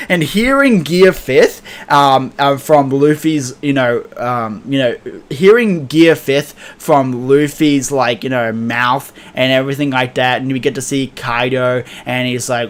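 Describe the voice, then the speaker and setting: A man's voice: mid-range voice, unhurried. Young guy hyped about a comic chapter, tons of ums and you-knows, swears, keeps laughing. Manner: excitable, heavy fillers, profane, laughs a lot. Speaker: manga reviewer. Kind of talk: casual comic recap and reaction.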